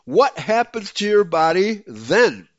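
A man hosting a talk show, speaking in an excitable, emphatic way and often breaking into laughter. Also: sits high, takes it slowly, dry recording. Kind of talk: casual talk show conversation. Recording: dull lo-fi dry sound.

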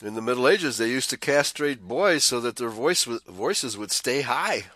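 A man's voice: mid-range voice, expressive, moderate pace, pushed and bright, no echo. A man hosting a commentary show, reading news items aloud and adding sarcastic, scornful asides, often chuckling and stumbling over repeated words.

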